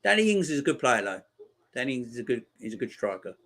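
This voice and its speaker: A man's voice: very animated, fast talker. Chatty man hosting a live football watchalong. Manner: chatty, reads and answers viewer comments; reacts loudly to chances on the pitch. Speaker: watchalong host. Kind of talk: live match watchalong commentary.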